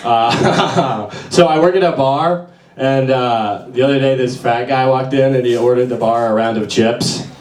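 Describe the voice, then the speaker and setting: A man's voice: medium pitch, a crowd in the background. Awkward young man doing stand-up in an echoey room. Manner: halting, awkward delivery with many fillers. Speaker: stand-up comedian. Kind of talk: open mic stand-up. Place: small bar venue with audience. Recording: echoey room, voice far from mic.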